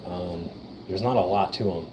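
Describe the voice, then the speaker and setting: A man's voice: low-pitched, moderate pace, background noise. A middle-aged man hosting a casual livestream, chatting in a laid-back way and talking to his fish. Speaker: livestream host. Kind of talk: casual live-stream chat. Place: fish room with aquarium tanks.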